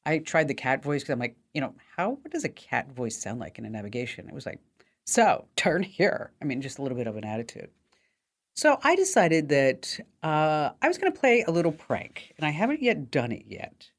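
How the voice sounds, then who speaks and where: A woman's voice: low voice, very animated, fairly quick. A woman radio host gives tech tips in a casual, chatty way. She keeps her tone upbeat and loose and leans on plenty of fillers as she talks listeners through each tip. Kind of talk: casual call-in radio talk.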